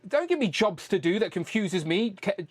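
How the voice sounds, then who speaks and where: A man's voice: sits high, sing-song, moderate pace, no echo. A man hosting a toy-collecting live stream in a casual, rambling, chatty way, swearing freely.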